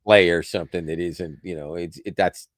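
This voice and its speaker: A man's voice: low voice, steady tone, moderate pace, dry recording, studio quality. A man co-hosting a podcast, chatting casually in a rambling way with frequent restarts and laughs. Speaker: podcast co-host. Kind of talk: casual chat.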